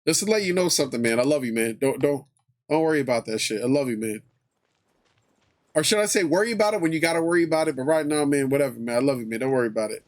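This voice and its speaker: A man hosting a livestream, chatting casually with viewers in a relaxed way, swearing often and repeating his phrases. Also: mid-range voice, fast talker. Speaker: livestream host.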